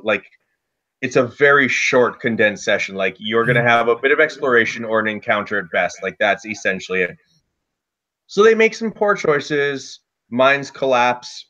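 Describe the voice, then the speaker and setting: A man telling a casual story about running a tabletop game, loose and lively, with lots of "like" fillers. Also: medium pitch, dull audio. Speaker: dungeon master guest.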